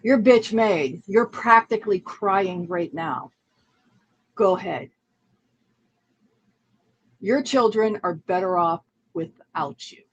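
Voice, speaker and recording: A woman speaks slowly with a husky voice. She taunts in a contemptuous tone and keeps repeating her challenges. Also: fairly low pitch, lively intonation, highs cut off. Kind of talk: heated online argument.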